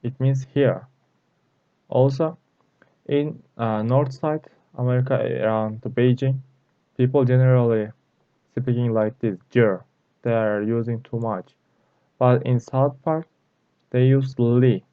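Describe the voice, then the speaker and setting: A man with Turkish as his first language, teaching in English, explaining slowly and repeating each word several times. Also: mid-range voice, fairly even intonation, dry recording. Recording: tinny phone-like sound.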